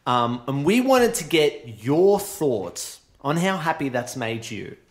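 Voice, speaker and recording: A man's voice: medium pitch, big pitch swings, slow pace. A man co-hosting a podcast, brash and mock-indignant, swearing freely in casual banter. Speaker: podcast co-host.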